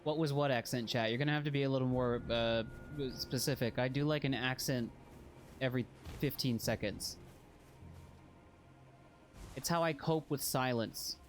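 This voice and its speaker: A man's voice: mid-range voice, normal speed, pauses often, a little hiss or hum. A man casually chatting while streaming a video game, rambling and joking at his own expense. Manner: rambling, self-deprecating, jokey. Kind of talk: casual gameplay chat.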